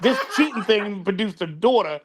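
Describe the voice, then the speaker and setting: A man's voice: high-pitched, animated, moderate pace, very noisy. A man on a casual talk show, stammering and repeating words as he explains things.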